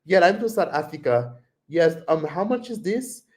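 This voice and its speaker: A man's voice: expressive, normal speed, natural voice. A man voicing himself in a put-on foreign accent while haggling at a market stall. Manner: high, sing-song put-on accent.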